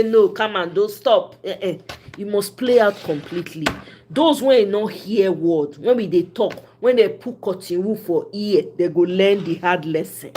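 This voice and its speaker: There's a little hiss or hum behind the medium-pitched voice of a woman with a Nigerian accent talking politics casually. Mixing Pidgin English into her speech, she's lively and laughs often.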